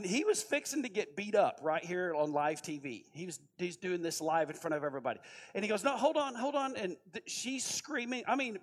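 A man giving a sermon, telling stories in a conversational way and asking his listeners questions. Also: high-pitched. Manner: storytelling, conversational, asks the audience questions.

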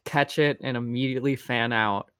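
A man plays in a tabletop game, describing his actions in a relaxed, playful way. His pitch is in the middle range. The recording is close and dry. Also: normal speed, smooth, dry recording. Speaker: player.

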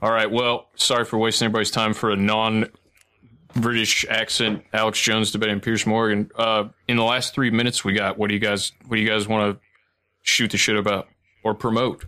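A man's voice: lowish voice, flat delivery, brisk, bright, forceful tone. A man hosting a casual live-stream podcast, chatty and self-deprecating. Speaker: podcast host.

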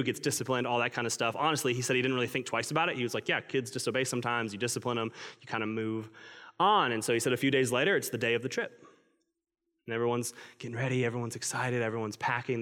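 A pastor delivering a Christmas-season sermon as earnest, conversational storytelling, recorded in a church. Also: male voice, medium pitch, a bit bright. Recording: long reverb of a large hall.

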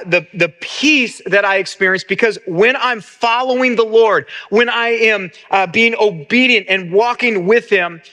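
Pastor, middle-aged man, earnest sermon delivery, high bright voice. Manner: earnest, repeats words as he restarts.

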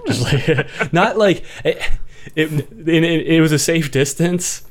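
A man's voice: on the high side, slow pace. A man from Washington, D.C., hosting a podcast in casual chat, joking and laughing often as he talks. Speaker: podcast host.

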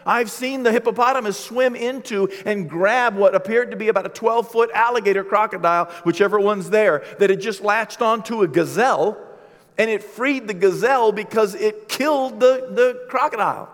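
A middle-aged male pastor telling stories in a sermon, animated and funny, his voice sitting a bit high for a man. It carries through a large church hall with a long reverb tail. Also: moderate pace. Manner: animated, humorous storytelling.

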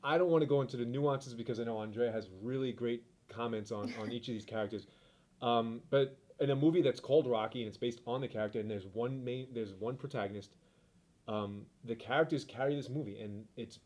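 A man's voice: mid-range voice, fast. A man with a New York accent, talking casually and with enthusiasm as a podcast co-host discussing a movie. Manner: animated, enthusiastic, repeats himself.

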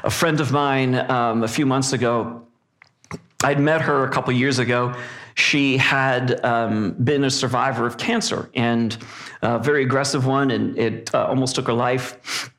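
A male pastor preaching a sermon in a reflective way, pausing often with fillers. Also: mid-range voice, steady tone, a bit bright.

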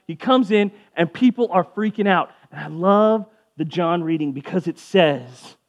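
A man's voice: high voice, lively intonation, measured pace, highs cut off. A man giving a casual sermon as a pastor, conversational and jokey, briefly acting out voices of people in the story.

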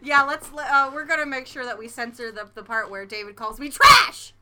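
A woman's voice: fairly high pitch, flat delivery, fairly quick. A woman, co-hosting a casual podcast chat in a playful, mock-indignant way. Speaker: podcast co-host. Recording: noisy background.

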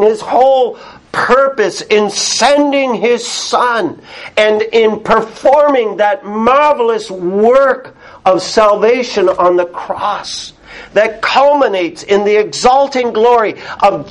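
A male pastor delivers a sermon in a noticeably high voice. He speaks slowly and deliberately, leaning on key words with earnest emphasis and soft laughs between points.

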